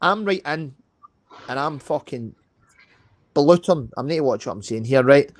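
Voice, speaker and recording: A man's voice: fairly high pitch, lively intonation, normal speed, no echo. A man with a Scottish accent, talking heatedly and swearing a lot on a live call, tagging lines with "mate" and "know what I mean". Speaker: live stream guest. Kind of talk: casual chat on a live call.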